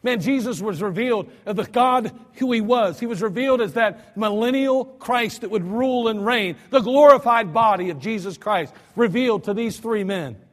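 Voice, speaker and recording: An American male pastor preaching a storytelling sermon, swinging between soft asides and loud cries. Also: sits high, normal speed, hardly any pauses. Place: church sanctuary. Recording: church hall reverb.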